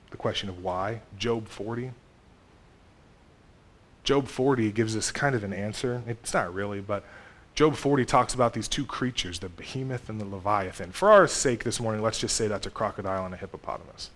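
Guy in his 30s preaching, chatty sermon, jumps from loud to quiet a lot. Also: on the low side, moderate pace. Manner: conversational, animated with sudden loud and soft turns. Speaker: pastor.

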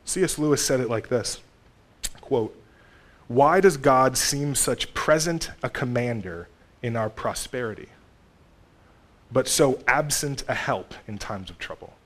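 A man in his thirties delivers a sermon as a pastor. He talks to the congregation in a conversational way. His voice swings from emphatic, raised lines to quiet, low asides. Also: unhurried, long pauses. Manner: conversational, animated with sudden loud and soft turns.

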